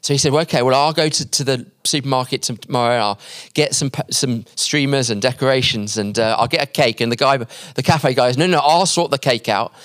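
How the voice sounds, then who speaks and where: Male preacher at a conference, mid-pitched, dry close mic, storytelling sermon that goes soft at the moving parts. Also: dry recording. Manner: acts out quoted voices in the story; drops quiet and slow at emotional points. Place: conference hall.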